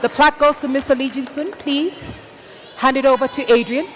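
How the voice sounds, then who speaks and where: A woman emceeing a live awards ceremony on stage, hyping the crowd with energetic, shouted announcements. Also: high-pitched, fairly quick, music in the background. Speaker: event emcee. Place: stage of a large live event.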